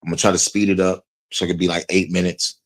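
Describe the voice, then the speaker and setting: Deep-voiced man rambling on a stream. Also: level tone, fast. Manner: loose, rambling, filler-heavy, slangy. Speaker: streamer watching a video. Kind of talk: casual live-stream commentary.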